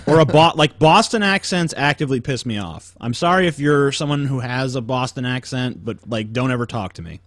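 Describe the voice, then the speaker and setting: A man's voice: mid-range voice, animated, brisk, hardly any pauses, fairly bright tone, dry recording, studio quality. Ranting, profane podcast host man. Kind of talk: casual podcast commentary.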